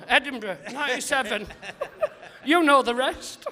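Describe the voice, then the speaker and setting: A male comedian guest on a live podcast interview, telling rambling, animated anecdotes and acting out other people's voices. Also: very high voice, measured pace, big-room sound.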